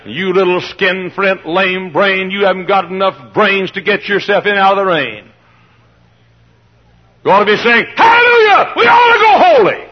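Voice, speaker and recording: Male pastor, fiery sermon, husky, slightly high voice, dull old recording. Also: measured pace, slight background noise. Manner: impassioned, swings from hushed to shouting. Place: church.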